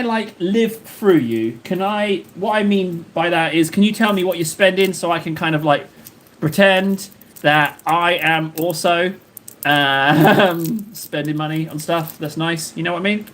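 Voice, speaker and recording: A man's voice: sits high, normal speed, a bit bright. A man hosting a live stream, chatting casually and rambling jokily straight to his viewers from his hobby desk at home. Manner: rambling, jokey, chatty, talks to chat directly. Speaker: livestream host.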